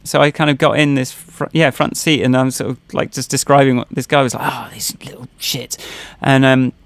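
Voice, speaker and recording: A man's voice: mid-range voice, flat delivery, brisk, vocal fry, no room sound. A man co-hosting a podcast, telling personal stories in casual chat, rambling with many fillers and restarts. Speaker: podcast co-host.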